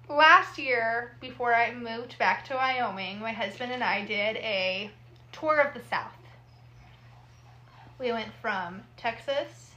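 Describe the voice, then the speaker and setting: A woman's voice: fairly high pitch, pushed and bright. A woman co-hosting a podcast, chatting casually in an upbeat, teasing way. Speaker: podcast co-host. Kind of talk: casual chat.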